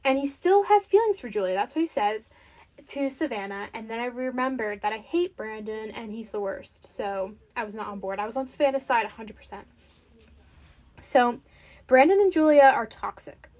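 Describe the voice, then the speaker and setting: A high-pitched woman chats her way through a reality TV recap. She is casual and blunt with her opinions, and "like" turns up in nearly every sentence. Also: animated, normal speed, darkish tone. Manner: chatty and opinionated, heavy use of "like".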